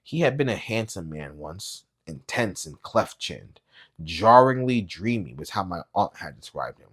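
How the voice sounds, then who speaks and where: A man reading a novel aloud as a booktube reader, with quiet, low-key, even narration. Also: a little slow, husky.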